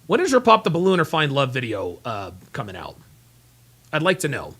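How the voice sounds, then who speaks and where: A man's voice: medium pitch, huge pitch swings, fairly quick, fairly bright tone, husky. A man hosting a casual livestream, reading out viewer messages in a rambling, repetitive way, tired and yawning. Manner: rambling, repeats himself, talks while fumbling for files. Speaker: livestream host reading super chats.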